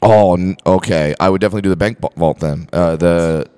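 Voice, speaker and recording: A man's voice: sits low, fast talker, clear, resonant tone. A man in his forties, a comedian guest, casually telling self-deprecating stories on a podcast and acting out quotes in bursts. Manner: self-deprecating storyteller, animated acted-out quotes.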